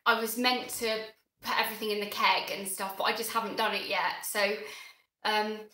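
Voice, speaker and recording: A woman hosting a gardening channel's live stream chat, flustered and excitable, halting with many restarts. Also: medium pitch. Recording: roomy room echo.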